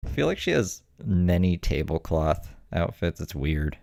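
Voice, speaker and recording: A man's voice: deep voice, big pitch swings, measured pace, creaky, darkish tone, no echo. A man commenting on video clips in a dry, mocking way. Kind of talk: reaction commentary.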